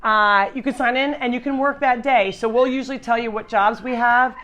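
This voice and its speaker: A woman's voice: a little high, fairly even intonation, a little fast, fairly bright tone. A woman hosting an animal sanctuary's live stream, talking in a chatty, rambling way with frequent restarts. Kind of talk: casual live-stream chat.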